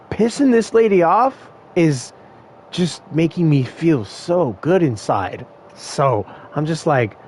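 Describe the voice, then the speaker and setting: A man's voice: fairly high pitch, a little mellow. A young man casually telling a story from work, rambling, swearing and laughing often.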